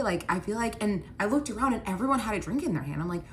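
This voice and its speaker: A woman's voice: medium pitch, fast, few pauses. A young woman casually telling a personal story, acting out both sides of the argument and filling her speech with "like". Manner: animated retelling with many "like" fillers, quoting both sides of arguments. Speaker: storyteller recounting her relationship.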